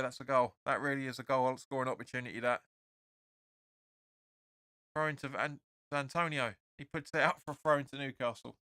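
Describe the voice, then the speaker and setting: A man hosting a fan watch-along, giving live match commentary and reading viewer comments. He is excitable and opinionated, and keeps insisting "sorry, but no.". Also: mid-range voice, clear, resonant tone, dry recording, clean studio sound.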